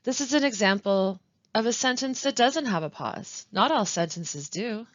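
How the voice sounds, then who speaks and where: A woman teaching a scripted webinar on pronunciation, reading example sentences slowly with deliberate stress and pauses. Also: on the high side, animated, dry recording, dull audio. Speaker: language support instructor.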